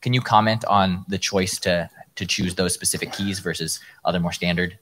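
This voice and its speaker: A man's voice: deep voice, steady tone, moderate pace, a bit bright, a little hiss or hum. A man moderating a question-and-answer session, reading out questions with short acknowledgments. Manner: reads out audience questions, brief affirmations. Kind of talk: live Q&A talk.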